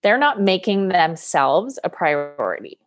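A woman's voice: lowish voice, big pitch swings, a little slow. Chatty, upbeat woman podcast host. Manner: upbeat and chatty, laughs between phrases. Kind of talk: casual solo podcast talk.

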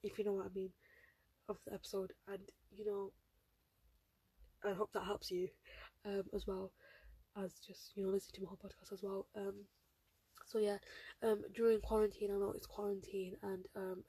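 A woman's voice: medium pitch, little pitch movement, moderate pace, pauses often, dark tone, breathy edge, no room sound. A seventeen-year-old girl hosting her own podcast, chatting casually and rambling with lots of fillers. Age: teens. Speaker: podcast host. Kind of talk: casual solo podcast chat.

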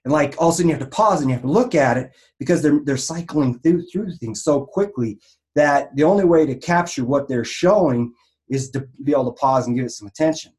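A man's voice: a little high, fairly quick, a little mellow. A man who works in online marketing for a raw vegan health business gives a casual, rambling teaching talk, full of restarts and fillers.

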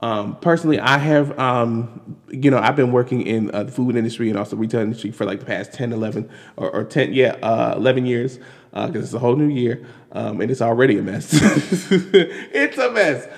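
A man giving casual, animated commentary on news, exasperated and full of restarts and fillers. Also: mid-range voice, brisk. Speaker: commentary vlogger. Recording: long hall reverb.

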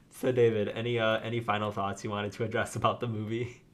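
A man co-hosting a podcast in casual chat, telling a story in a rambling, animated way full of fillers. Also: on the low side, moderate pace. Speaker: podcast co-host.

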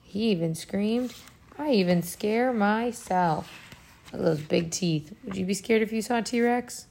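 Woman, storybook read-aloud for children, animated, asks questions, medium pitch. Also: moderate pace, gravelly, slight background noise. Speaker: reader to children. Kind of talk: reading a picture book aloud to children.

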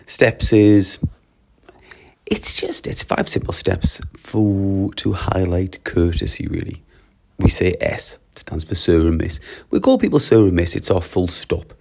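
A man runs a casual solo podcast as a school leader, his voice low with a gravelly edge. He talks in a chatty, anecdotal way and often acts out little exchanges. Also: dark tone.

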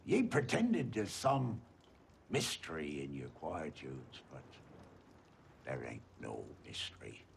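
An actor playing a cruel, mocking old lighthouse keeper with a gravelly sailor's dialect, swinging from a low mutter to a roar. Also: male voice, very animated, slow pace, slight background noise, exaggerated voice.

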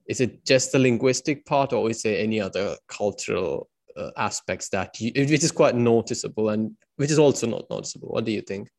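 A man's voice: fairly low pitch, fairly quick, a little mellow. A man hosting a casual interview, asking long, rambling questions with fillers and restarts. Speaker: host.

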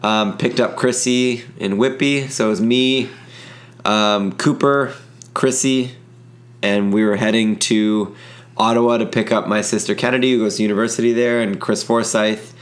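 Young Ontario guy, slightly low voice, loose and chatty co-host who swears freely. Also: steady tone, moderate pace. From Ontario, Canada. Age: young adult. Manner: rambling storyteller, swears casually, laughs. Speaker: podcast co-host. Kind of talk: casual podcast chat.

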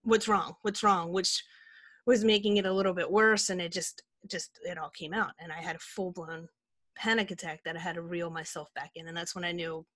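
A woman's voice: on the low side, fairly even intonation, fairly quick, fairly bright tone, dry recording. A woman co-hosting a podcast, talking in a candid, rambling way with many fillers. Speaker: podcast co-host. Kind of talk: casual chat.

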